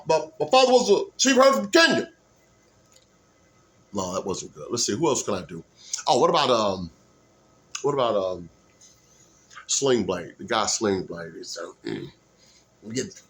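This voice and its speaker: A man chatting loosely to a camera mic, his pitch jumping all over as he rambles between impressions. It has the easy, unscripted feel of a practice vlog. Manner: rambling, loose, lively delivery. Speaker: aspiring comedian and musician. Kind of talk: casual vlog, practicing voices.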